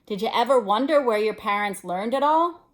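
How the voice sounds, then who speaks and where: Booming, quick-tempered giant with a clipped rough accent, done by a woman reader. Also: lively intonation, natural voice. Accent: attempted West Country English. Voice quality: loud, booming, dropped word endings. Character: huge gruff good-natured giant man, quick-tempered. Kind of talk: read-aloud storybook voice.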